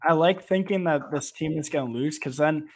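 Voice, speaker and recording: Guy on a sports podcast, kinda high voice, joking around and ribbing his buddy about picks. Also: moderate pace, vocal fry, darkish tone, slight background noise. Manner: playful, teasing. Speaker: podcast co-host. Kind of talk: casual sports betting chat.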